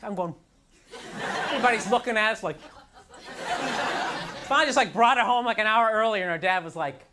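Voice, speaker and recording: A man's voice: high voice, lively intonation, a little fast. A man performing a stand-up comedy routine on a club stage, ranting in a frustrated, self-mocking way and slipping into mocking voices. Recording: live club recording with crowd noise. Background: audience laughter.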